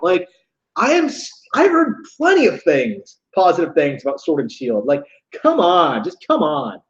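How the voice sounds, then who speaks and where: Incredulous man reacting with lively pitch. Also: unhurried. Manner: incredulous, mocking asides. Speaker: reaction commentator. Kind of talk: casual reaction commentary. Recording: dull lo-fi audio.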